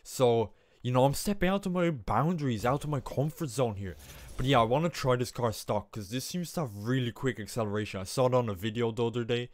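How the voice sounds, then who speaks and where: A young man talks through his gameplay in a casual, chatty way. His voice sits at a middle pitch, and he keeps breaking into excited exclamations and poking fun at himself. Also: fairly quick, dry recording. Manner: excitable, self-mocking, exclaims often. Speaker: gaming YouTuber.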